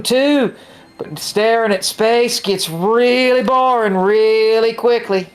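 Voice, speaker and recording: A woman voicing a laid-back middle-aged country man with a put-on Southern drawl in a fan dub of a game, slow and deadpan. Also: on the high side.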